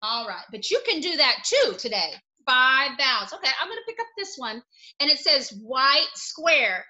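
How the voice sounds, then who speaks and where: A woman teacher giving a phonics lesson to young children. Her voice is high and very bright, and it swoops up and down a great deal. She plays to her pupils with sound effects and bursts of excitement. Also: normal speed. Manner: playful, animated, sound effects.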